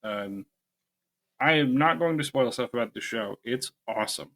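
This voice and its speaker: Bright-voiced enthusiastic male podcast co-host. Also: medium pitch, expressive, normal speed. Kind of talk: casual chat.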